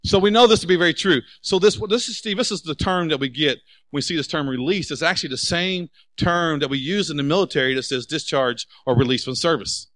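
A man preaching a sermon, animated and asking the congregation rhetorical questions. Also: on the high side, a little fast, few pauses, no room sound, rough recording. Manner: acts out quoted voices. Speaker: pastor.

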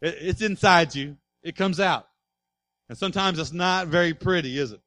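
A male pastor delivering a sermon, emphatic, swinging from quiet asides to loud passages and asking the congregation rhetorical questions. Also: fairly high pitch, moderate pace.

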